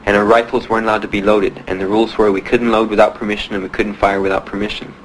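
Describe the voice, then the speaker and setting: A young man, a veteran, telling his own story in plain, halting speech with many pauses. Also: fairly low pitch, level tone, a little hiss or hum, rough recording. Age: young adult. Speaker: Vietnam veteran giving testimony. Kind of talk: personal testimony.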